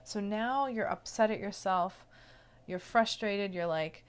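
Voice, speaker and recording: A woman speaking as a self-love coach, explaining in a gentle, casual teaching manner and often checking in with the listener. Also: mid-range voice, measured pace, smooth.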